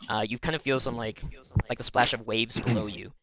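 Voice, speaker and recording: A man's voice: mid-range voice, steady tone, brisk, noisy background. A man narrating as game master in a tabletop role-playing game, laid-back and laughing often.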